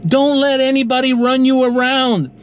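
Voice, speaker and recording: A man's voice: extremely high pitch, little pitch movement, normal speed, clean tone. A man who runs a lawn care business, casually telling a story and acting out both sides of a phone call. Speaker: lawn care business owner and channel host.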